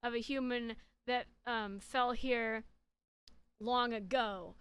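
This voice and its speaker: A woman reading the lines of a grieving, gentle male goat-monster king from a video game, in a slow, heavy, mournful way. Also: a little high, fairly even intonation, clear, resonant tone, voice pushed down. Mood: tender.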